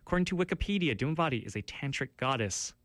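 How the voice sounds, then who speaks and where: A man's voice: mid-range voice, expressive, quick pace, a bit bright, dry recording. A man hosting a campus radio show from the studio, rambling through track notes with many fillers and restarts, and poking fun at himself. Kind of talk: casual radio show chat. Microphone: studio mic.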